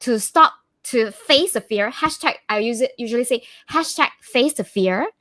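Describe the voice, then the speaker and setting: A woman's voice: on the high side, normal speed, fairly bright tone, no room sound, studio quality. A woman guest answering in an interview, with an eager, upbeat manner.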